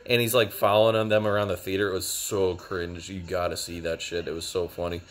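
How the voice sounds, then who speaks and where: A man's voice: low-pitched, flat delivery, fairly quick. A young man giving a casual, rambling video review with lots of fillers. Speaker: show reviewer.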